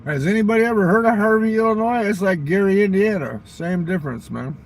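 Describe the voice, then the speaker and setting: A man rambles through crude stories in a loose, profane monologue, his voice sitting a bit higher than most men's. He talks outdoors near a railroad crossing, with faint traffic noise behind him. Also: fairly quick. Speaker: vlogger.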